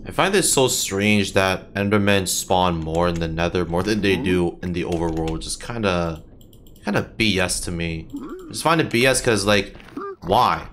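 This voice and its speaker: Low-voiced young man swearing at his game. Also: animated, moderate pace, a bit bright, slight background noise. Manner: frustrated, swears a lot, yelps at hits. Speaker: gaming channel host. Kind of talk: casual gameplay commentary.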